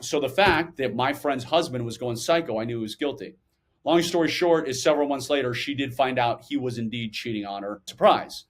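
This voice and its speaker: A middle-aged man answering interview questions with lively stories, acting out the people he quotes. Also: mid-range voice, brisk. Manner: animated, acts out quotes. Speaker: guest, former intelligence officer.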